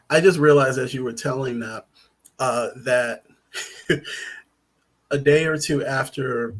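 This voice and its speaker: Rambling man chatting on a podcast. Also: medium pitch. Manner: rambling with frequent ums and laughs. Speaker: podcast guest, writer. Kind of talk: casual podcast chat.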